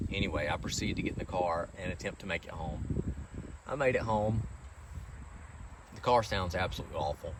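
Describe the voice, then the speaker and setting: A man's voice: deep voice, background noise. A man telling a long, aggrieved story about a car repair in a rambling, casual way.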